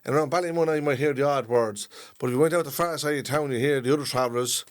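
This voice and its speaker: A man with an Irish accent co-hosting a podcast, talking in a halting way with lots of "you know what I'm saying". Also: mid-range voice. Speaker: podcast co-host. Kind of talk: casual chat.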